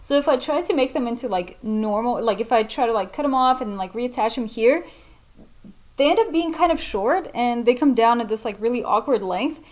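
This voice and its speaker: A woman's voice: a little high, lively intonation, brisk. A woman vlogging a sewing project at home, thinking aloud casually with lots of "like" fillers and a self-deprecating manner.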